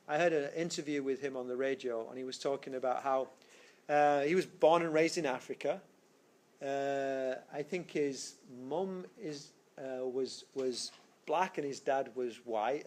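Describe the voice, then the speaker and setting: A man lecturing a physics class in a rambling way, full of fillers and restarts. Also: medium pitch. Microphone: screencast recording.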